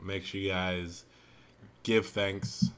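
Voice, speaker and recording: A man's voice: deep voice, slow, a little hiss or hum. A young man hosting a podcast, chatting casually and telling stories full of swearing. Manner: profane, animated storytelling. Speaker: podcast host. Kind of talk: casual chat.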